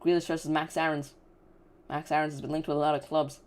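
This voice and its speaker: Football watch-along host, chatty and loose, talks straight to the chat, mid-pitched voice. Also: flat delivery, fast. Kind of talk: casual live watch-along commentary.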